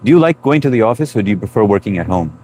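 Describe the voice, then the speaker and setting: A man's voice: lowish voice, sing-song, rapid-fire, mellow, slight background noise. A man in his thirties hosting a live stream, chatting loosely and greeting viewers by name. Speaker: livestream host reading chat. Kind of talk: casual live chat.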